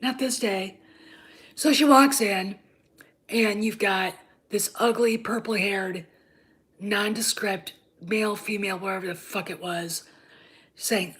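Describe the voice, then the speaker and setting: A woman in her fifties delivers an angry rant on her own channel, swearing freely and dripping with sarcasm. She often sinks into a hushed whisper, then punches a point with a pointed "okay?". Her pitch sits at an ordinary middle height for a woman. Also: fairly even intonation, takes it slowly, pauses often. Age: 50s. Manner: emphatic, repeats "okay?" for emphasis. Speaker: channel host and TV critic. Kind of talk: ranting commentary.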